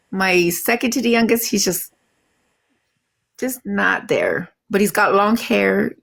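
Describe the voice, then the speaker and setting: A woman's voice: medium pitch, vocal fry. A middle-aged woman hosting a live stream, chatting casually, laughing often and trailing off with fillers. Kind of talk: casual chat.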